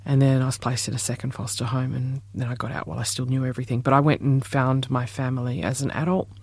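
A man's voice: medium pitch, fast, breathy edge, dry recording. A middle-aged man from Perth with an Australian accent, telling stories expressively in an interview. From Perth, Western Australia. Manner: expressive, animated storyteller. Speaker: musician, former journalist. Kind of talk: interview storytelling.

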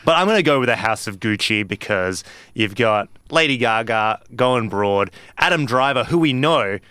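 A hoarse man co-hosting a film podcast, presenting award picks with wry quips. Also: medium pitch, lively intonation, normal speed, pushed and bright, no room sound. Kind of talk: casual film chat.

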